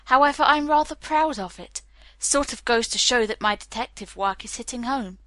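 A woman's voice: on the high side, lively intonation, moderate pace, a bit bright, no echo. A woman reading the part of a self-assured young man, wry and lightly teasing.

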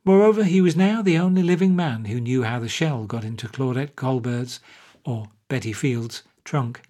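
A man's voice: medium pitch, normal speed, mellow. Man narrating a wry short story. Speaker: audiobook narrator. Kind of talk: scripted narration.

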